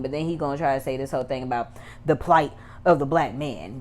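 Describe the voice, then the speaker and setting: A woman's voice: low-pitched, very animated, fairly quick, pauses often, a little mellow, a little hiss or hum. A woman recapping and reviewing a TV episode in a chatty, rambling way, with asides that turn heated. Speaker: YouTube TV reviewer. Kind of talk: casual recap and commentary.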